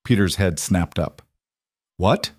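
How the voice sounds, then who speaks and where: A man reading a Western story aloud, in a calm and measured narration. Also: fairly low pitch, no room sound, studio quality.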